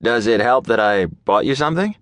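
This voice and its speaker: A man's voice: medium pitch, lively intonation, a little fast, a bit bright, no echo, pitched above the performer's own voice, close to an everyday voice. A man reading an audiobook, voicing a snarky but affectionate young woman in a teasing manner. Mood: pleased. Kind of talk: audiobook character voice.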